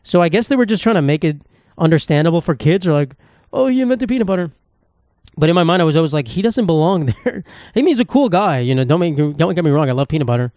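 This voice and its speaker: A man's voice: on the high side, lively intonation, rapid-fire, a little mellow, no room sound, studio quality. A man hosting a solo comedy podcast, rambling in a casual, sarcastic and profane way. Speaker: podcast host.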